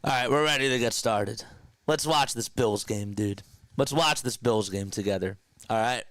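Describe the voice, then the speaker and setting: A man chatting casually on a live sports stream, excited and rambling like an emotional fan. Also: mid-range voice, moderate pace, no echo, clean studio sound.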